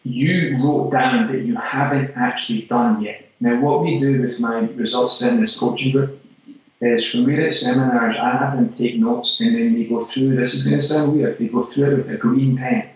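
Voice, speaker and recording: A man's voice: mid-range voice, steady tone, normal speed. A Scottish man and regular segment host giving an emphatic motivational monologue about fitness business, repeating key phrases for punch. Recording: very echoey, distant, dull-sounding room.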